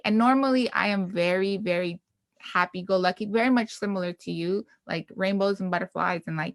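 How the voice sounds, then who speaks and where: A woman in her thirties from Canada, hosting a podcast in casual, animated chat and telling stories with lots of energy. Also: mid-range voice, normal speed, no echo. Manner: chatty, animated storytelling. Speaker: podcast host.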